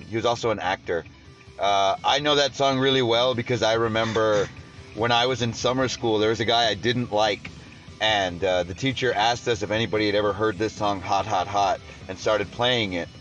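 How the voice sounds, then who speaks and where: A man's voice: on the low side, moderate pace, fairly bright tone, dull audio. A man hosting a podcast, chatting casually and rambling, swearing freely. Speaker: podcast host.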